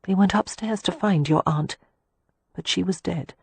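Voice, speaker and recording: A woman voicing Poppy, a gentle, kind young woman who speaks affectionately. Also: lowish voice, unhurried, vocal fry, breathy edge, dry recording, heavily acted. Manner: gentle and warm.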